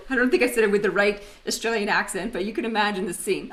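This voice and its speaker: A woman's voice: mid-range voice, fast talker, rough recording. A woman from Canada, presenting a webinar in a conversational way and telling personal stories with humor over a video call microphone. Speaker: webinar facilitator.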